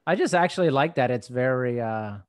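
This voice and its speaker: A man chatting as a podcast guest over a video call, talkative and quick to laugh. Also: mid-range voice, expressive, no echo. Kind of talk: casual chat.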